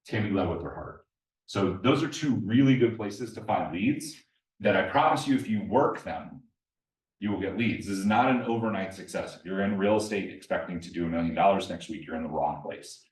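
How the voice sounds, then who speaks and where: A man's voice: sits low, moderate pace. A man giving a live presentation at an investor meetup, telling stories and putting questions to the audience. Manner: storytelling, addresses the audience directly with questions. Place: meeting room with a live audience. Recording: echoey room, mic at a distance.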